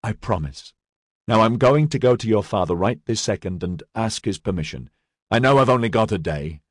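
A man's voice: lowish voice, lively intonation, moderate pace, no echo, studio quality. A man voicing a remorseful young man who pleads earnestly. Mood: pleading.

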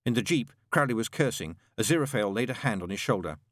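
A man narrating an audiobook in a dry, measured storytelling manner. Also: mid-range voice, expressive, a bit bright, no room sound.

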